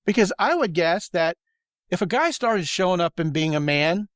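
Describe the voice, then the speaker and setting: A man hosts a casual podcast, speaking in an emphatic, opinionated way that slips into acted-out quotes. His voice sits a little high for a man. The sound is close and dry, with no room behind him. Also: expressive, moderate pace, fairly bright tone, dry recording. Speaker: podcast host.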